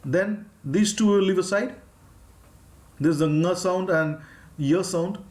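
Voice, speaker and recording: A man with an Indian English accent, teaching a live phonics lesson and drawing out each sound slowly. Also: high voice, darkish tone. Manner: slow, drawn-out demonstration of sounds, reading out viewers' names.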